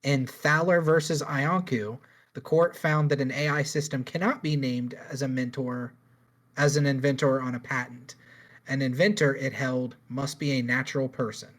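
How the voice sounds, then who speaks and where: A man's voice: medium pitch, fairly even intonation, normal speed. A man co-hosting a podcast in casual chat, rambling through a news story with jokes and swearing. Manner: rambling, joking, swears freely. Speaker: podcast co-host.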